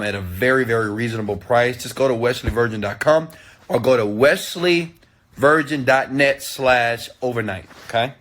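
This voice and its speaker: A man giving a motivational talk, preachy and animated, often checking in with "okay?". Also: medium pitch. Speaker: motivational speaker.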